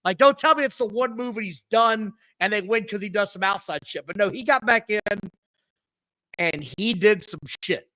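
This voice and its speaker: A high-voiced man co-hosts a casual wrestling podcast, telling match stories with lots of energy in a blunt, profane style. He speaks at a moderate pace in a low-quality recording with no room sound.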